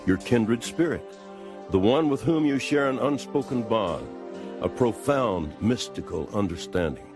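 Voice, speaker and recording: A man voicing a solemn male coyote spirit guide in a cartoon, speaking slowly and gravely. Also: mid-range voice, expressive, lightly acted. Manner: slow, grave, deliberate delivery. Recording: clip played with faint music behind. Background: faint music.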